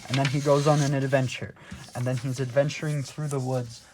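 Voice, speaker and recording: Man, rambling comedic movie recap, loose restarts, middle pitch, faint background hiss. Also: flat delivery, brisk, poor audio. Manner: rambling, restarts often, fillers like "like" and "and then". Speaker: narrator of a movie spoof.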